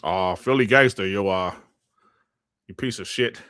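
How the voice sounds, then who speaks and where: A man's voice: sits low, measured pace, sharp tone, clean tone, no room sound. A man hosting a casual livestream chat, rambling in slang and laughing often into a close mic. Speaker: host.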